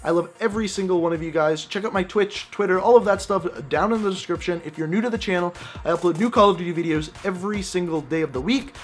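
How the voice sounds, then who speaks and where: A young man hosting a gaming channel, telling an animated, jokey personal story over gameplay commentary. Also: sits high, fast, few pauses, soft background music.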